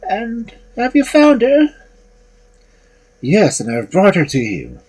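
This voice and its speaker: A storyteller voicing a frantic, shrill old mother who shrieks in alarm, with a husky edge. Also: wildly swooping pitch, slow pace, darkish tone, heavily acted. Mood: eager.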